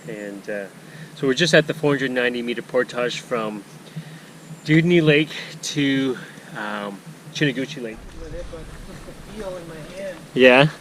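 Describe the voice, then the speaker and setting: A man's voice: mid-range voice, slow, long pauses, fairly bright tone, poor audio. A man narrating a casual canoe-trip vlog outdoors on a forest portage, rambling with many fillers and restarts. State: out of breath.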